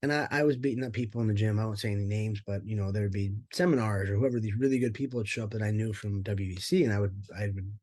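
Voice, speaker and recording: A man's voice: lowish voice, quick pace, few pauses, darkish tone, no room sound. A man telling his life story in an interview, candid and rambling, with many fillers and casual swearing. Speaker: interview guest, former pro fighter.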